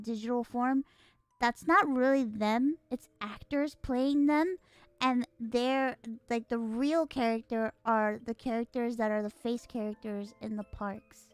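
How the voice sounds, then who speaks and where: A woman hosting a stream, chatting casually with excitable, dramatic outbursts. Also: a little high, smooth, no echo. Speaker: stream host.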